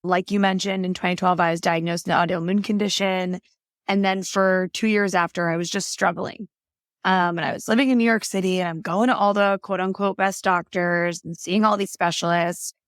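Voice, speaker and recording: A woman's voice: fairly low pitch, fairly even intonation, brisk, no echo, clean studio sound. A woman being interviewed as a functional health practitioner, telling her story in an earnest, chatty way with lots of "like" and "right?". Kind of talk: casual interview talk.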